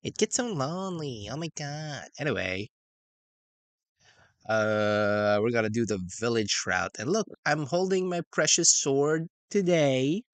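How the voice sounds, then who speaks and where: A man's voice: medium pitch, no room sound. A man streaming a game, chatting playfully and rambling in a self-mocking way. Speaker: VTuber streamer. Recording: game music playing behind.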